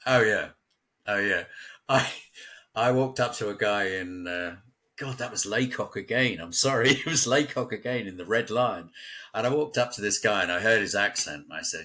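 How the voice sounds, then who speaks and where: His voice is lowish and bright, with a forceful edge and a normal pace. The English guest, a local, swaps stories and laughs frequently in a casual conversation at his home near a village.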